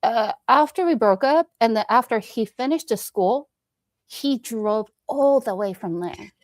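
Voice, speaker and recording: A woman's voice: a little high, expressive, measured pace, dry recording, clean studio sound. Young woman telling a story. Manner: storytelling, switching between English and Japanese; frequent "like" fillers, acts out quoted dialogue. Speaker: podcast co-host. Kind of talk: casual bilingual chat.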